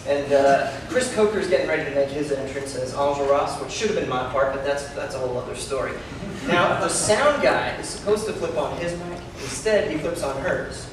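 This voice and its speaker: A man's voice: a little high, fairly quick, natural voice. An actor playing a bitter, sarcastic young male student telling a gossipy story in an amateur stage play. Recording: distant echoey hall with noise.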